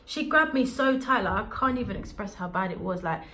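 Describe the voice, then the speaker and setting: A young adult woman telling a storytime vlog in an animated, slangy way. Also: mid-range voice, a little fast, slight background noise. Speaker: vlogger.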